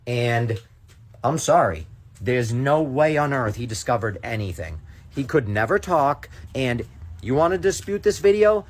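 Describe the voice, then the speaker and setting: A man delivering a combative monologue to his followers, heavy on sarcasm and indignation. His pitch sits in an ordinary middle range for a man. He speaks straight to the camera like a social media creator venting. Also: animated, measured pace. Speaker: content creator. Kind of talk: ranting direct-to-camera monologue.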